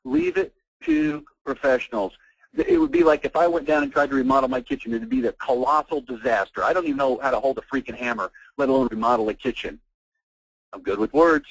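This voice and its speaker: A man giving a fired-up, blunt sales pitch as host of a marketing webinar on an online call. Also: animated, a little fast, gravelly, slightly rough, dry recording, rough recording. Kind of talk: persuasive sales presentation.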